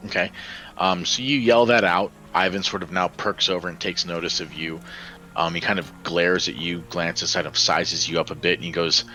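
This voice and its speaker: A man's voice: deep voice, steady tone, normal speed, sharp tone, rough recording. A man running a tabletop game as game master, narrating dramatically with many fillers.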